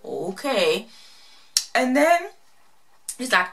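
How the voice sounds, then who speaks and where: A woman casually recapping and commenting on a reality show, chatty and animated, acting out what the people said. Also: sits high, unhurried, creaky, pauses often. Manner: chatty, animated, quotes people in exaggerated voices.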